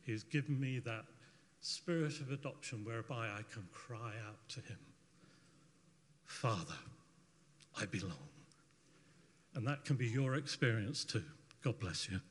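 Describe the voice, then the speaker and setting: A man ending his church testimony in a slow, heartfelt way. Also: mid-range voice, slight background noise. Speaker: church member giving testimony. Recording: long reverb of a church hall.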